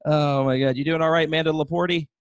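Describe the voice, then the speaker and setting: A man's voice: fairly high pitch, fairly even intonation, fast, clear, resonant tone. A young man doing a self-mocking, profane stand-up set over a video call, laughing at his own jokes. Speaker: stand-up comedian.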